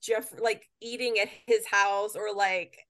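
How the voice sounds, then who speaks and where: A woman with a New Jersey accent, chatting casually on a podcast. Her delivery is blunt and sarcastic, and her pitch sits in an ordinary middle range. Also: steady tone, slow, a bit bright. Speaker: podcast co-host. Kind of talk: casual chat.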